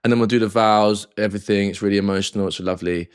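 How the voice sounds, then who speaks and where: A man's voice: on the low side, fairly even intonation, racing, clean tone. A man, co-hosting a podcast, telling a rambling, sweary story and acting out what other people said. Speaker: podcast co-host. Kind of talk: casual storytelling chat.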